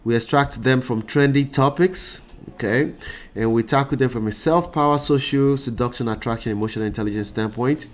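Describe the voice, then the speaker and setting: A congested man hosts a casual livestream, chatting loosely and calling out viewers by name. His voice sits at an ordinary middle pitch for a man. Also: fairly quick. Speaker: relationship coach and show host.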